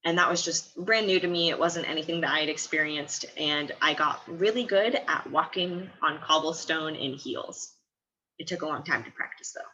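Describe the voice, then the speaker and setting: Young woman from the midwest, chatty vlog, bright voice, lowish pitch, laughs a lot. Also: moderate pace, dull audio. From American Midwest. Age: 20s. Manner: chatty, laughs often between phrases. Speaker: study abroad student. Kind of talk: casual vlog talk.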